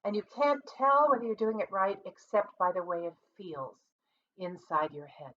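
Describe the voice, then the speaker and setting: A woman who is a music teacher and conductor, calmly explaining vocal technique in an online singing lesson, seated at her computer. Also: mid-range voice, normal speed. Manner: calm, explanatory, practical. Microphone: computer mic. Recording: distant, dull lo-fi computer audio.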